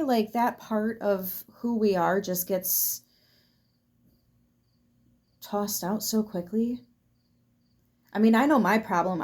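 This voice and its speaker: A woman's voice: mid-range voice, darkish tone. A woman giving a casual tarot reading to her viewers in a chatty way, laughing often and swearing freely. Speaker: tarot reader.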